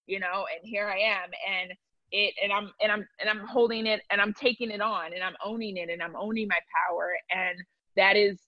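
A woman appears as a guest in a candid conversation, sounding earnest and reflective and often pausing to restart her thoughts. Her medium-pitched voice holds a steady tone. The recording is dry, with no echo and a dull, lo-fi quality.

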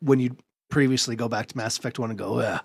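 A man hosting a podcast, telling a story in lively casual chat, laughing often and swearing now and then. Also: medium pitch, fast talker, gravelly, slightly rough, dry recording, clean studio sound. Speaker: podcast host.

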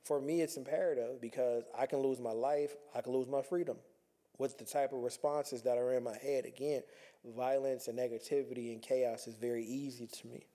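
A man's voice: medium pitch, steady tone, brisk, dark tone. A man talking earnestly in a reflective personal monologue, conversational and repeating himself as he works through his thoughts.

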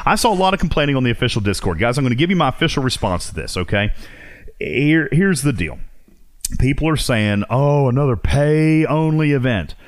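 A podcast host with a mid-range voice talks quickly on a dry recording. He chats casually and excitedly about a mobile game, laughing often and restarting his sentences.

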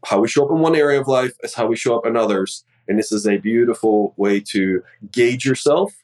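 A man's voice: mid-range voice, brisk, a little mellow, poor audio. A man hosting a podcast from a remote session who sounds a little under the weather and introduces guests earnestly, with many fillers. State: slightly sick. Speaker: podcast host. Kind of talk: casual interview intro. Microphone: remote recording.

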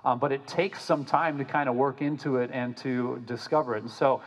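A man preaching a sermon as pastor, animated and casual, often repeating words when he restarts a phrase. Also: mid-range voice, normal speed, in a large hall, low-quality recording.

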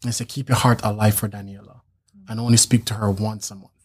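A man casually sharing a faith testimony about his marriage, acting out quotes as an animated storyteller. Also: fairly low pitch, fast talker, slightly rough. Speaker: husband telling their story.

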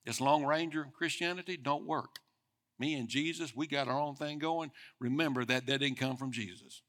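A man's voice: fairly high pitch, moderate pace. Man preaching a conversational sermon. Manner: conversational preaching, speeding up and swelling in loudness for emphasis. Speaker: pastor.

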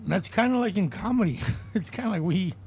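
A man's voice: high voice, lively intonation, fairly quick, a little mellow, slightly rough. A man, a comedian hosting a podcast, talking in a casual, rambling, profane way. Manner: rambling, profane, laughs readily. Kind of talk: casual chat.

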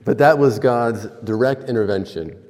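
A man preaching a sermon in a church, telling stories slowly with pauses. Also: mid-range voice, a little mellow. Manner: slow, storytelling with pauses. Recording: long hall reverb.

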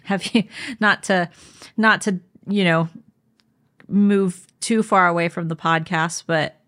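A woman's voice: on the low side, steady tone, takes it slowly, fairly bright tone. Chatty co-host: a woman in her thirties who rambles and restarts, loose and casual. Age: 30s. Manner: rambling, many fillers and restarts. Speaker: podcast co-host. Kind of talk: casual chat.

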